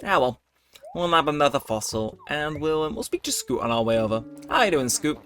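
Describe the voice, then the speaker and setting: Male let's-play host, rambling and laid-back, swinging intonation, soft game music under him. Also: on the high side, big pitch swings, brisk. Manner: rambling, chatty, laid-back late-night talk. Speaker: gameplay video host. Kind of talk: casual let's-play commentary. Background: faint game music.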